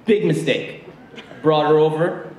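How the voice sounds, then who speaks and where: Brief: young male stand-up comic, high voice, chatty storyteller, echoey room, mic heard from a distance. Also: a little slow, darkish tone. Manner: chatty, storytelling, with many fillers. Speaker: stand-up comedian. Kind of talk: stand-up comedy set. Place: comedy stage with a live audience. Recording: echoey venue from far off, faint noise.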